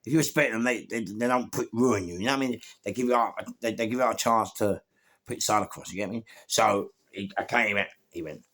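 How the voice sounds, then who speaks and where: A man's voice: on the low side, quick pace, fairly bright tone. A middle-aged man, telling a rambling, slangy anecdote and repeating himself as he goes. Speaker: storyteller.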